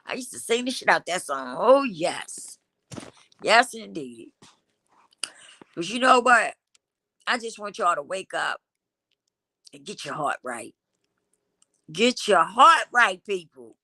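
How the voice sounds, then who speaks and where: A woman's voice: fairly low pitch, very animated, unhurried, long pauses, bright, forceful tone, no room sound. A middle-aged woman, hosting a casual livestream in a loose, preachy way and now and then singing snatches of a song. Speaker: livestream host.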